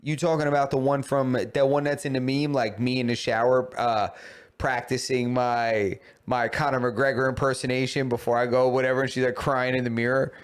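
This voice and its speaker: A man's voice: medium pitch, little pitch movement, brisk, smooth. A man co-hosting a podcast, speaking bluntly and jokingly with plenty of slang. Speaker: podcast co-host. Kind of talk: casual chat.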